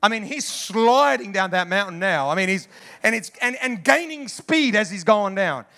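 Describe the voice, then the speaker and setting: A male pastor preaches in a high, bright voice. He talks to the congregation in a lively, chatty way and calls out to the room as he goes. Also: normal speed. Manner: animated, conversational preaching with asides to the congregation. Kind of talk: sermon.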